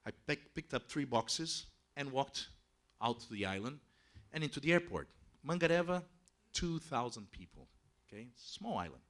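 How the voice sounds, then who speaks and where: A man telling a travel story to an audience in a lively, conversational way, dropping in frequent "you know" asides. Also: medium pitch, moderate pace.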